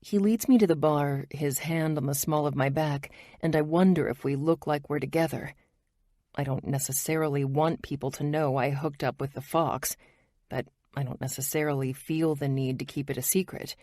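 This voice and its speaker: A woman's voice: sits low, steady tone, moderate pace, dark tone, no room sound, studio quality. A woman narrating a romance audiobook in the first person, wry and intimate.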